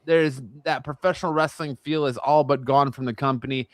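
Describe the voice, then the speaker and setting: A man's voice: mid-range voice, steady tone, brisk, dry recording. A man hosting a casual wrestling talk panel, playful and running the segments. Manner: playful, reads segment intros. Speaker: podcast host.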